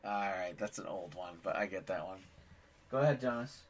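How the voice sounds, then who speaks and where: A man's voice: low-pitched, normal speed, a little hiss or hum. A man in his forties hosting a casual family podcast, a rambling joke-telling dad who pokes fun at himself. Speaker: podcast host and father.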